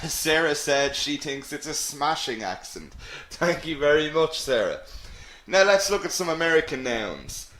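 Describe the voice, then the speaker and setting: A man leads an English lesson in a slow, deliberate way, with a slightly raised pitch. He stays upbeat and encouraging and repeats key words. The room gives his voice a noticeable echo. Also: a bit bright. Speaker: English teacher. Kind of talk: live online English lesson. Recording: roomy echo.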